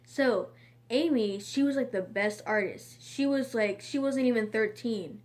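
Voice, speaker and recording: A woman's voice: fairly high pitch, measured pace, a little mellow. A woman in a casual storytime monologue, rambling and chatty, with frequent fillers and restarts. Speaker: vlogger.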